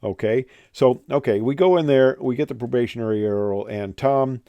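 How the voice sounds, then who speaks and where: A man's voice: medium pitch, normal speed, dark tone, no room sound, muffled recording. An older man, a retired airline pilot, telling stories in a rambling, casual way with many fillers and restarts. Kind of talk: casual storytelling monologue.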